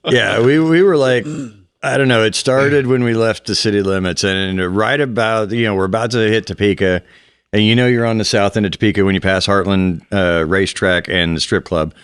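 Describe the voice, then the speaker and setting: A man's voice: fairly low pitch, normal speed, smooth, dry recording. A middle-aged man, a comedian guest, rambling through funny stories in casual podcast chat from a small studio. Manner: rambling storyteller, laughs at own tales.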